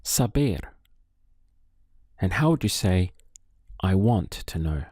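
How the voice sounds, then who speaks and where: With a low, dark voice and a very animated delivery, a male Spanish teacher takes learners slowly and deliberately through a spoken lesson, leaving gaps for their replies. The sound is close and dry, with no echo.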